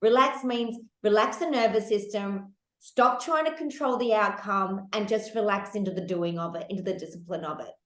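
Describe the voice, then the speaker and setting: A woman hosting a candid, casual podcast chat, animated and laughing, with casual swearing. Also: medium pitch, moderate pace, hardly any pauses, roomy sound. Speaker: podcast host.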